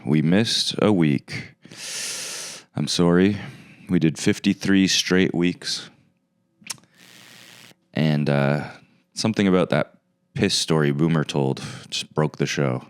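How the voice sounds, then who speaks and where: Low, smooth-voiced sarcastic male host. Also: slow pace, long pauses, no echo, studio quality. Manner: sarcastic, mock-arrogant rambling. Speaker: podcast host. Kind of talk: casual comedic monologue.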